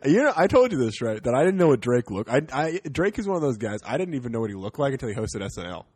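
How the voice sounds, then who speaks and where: Animated Canadian comedian man. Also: medium pitch, fast, husky, dry recording. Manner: rambling, animated, joking with swearing. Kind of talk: casual podcast chat.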